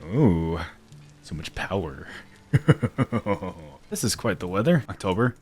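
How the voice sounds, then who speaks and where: A young man giving casual gameplay commentary, talking to himself, muttering quietly at times and breaking into loud excited shouts. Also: low voice, slow pace, soft background music. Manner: drops to near-whispered mutters while working. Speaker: gaming YouTuber.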